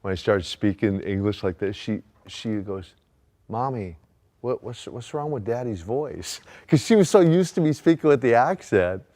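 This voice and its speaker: A man's voice: on the low side, expressive, normal speed, warm tone. A man from Minnesota telling a family anecdote in an interview clip, chatty and amused. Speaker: interviewed wrestler in archive clip. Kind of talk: storytelling interview.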